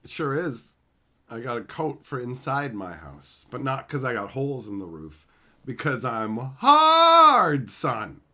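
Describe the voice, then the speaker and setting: A man hosting a casual livestream, reading viewer comments and joking boastfully, calling viewers bro and son and swearing freely. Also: moderate pace. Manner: lively swings in pitch and loudness, mock shouting. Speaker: livestream host.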